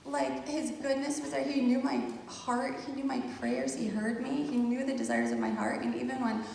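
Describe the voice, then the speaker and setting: Brief: lively woman, slightly high, gravelly edge, far-off in a big echoey hall with room noise. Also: normal speed. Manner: animated, laughs often, addresses listeners as "you guys". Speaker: speaker sharing a birth testimony. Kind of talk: casual storytelling to a group.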